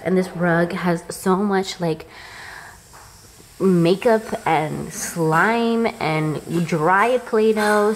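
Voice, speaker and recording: Bubbly mom vlogger, talks fast and chatty with lots of "like", handheld camera at home. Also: female voice, lowish voice, slight background noise. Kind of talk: casual vlog chat to camera. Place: at home in a playroom.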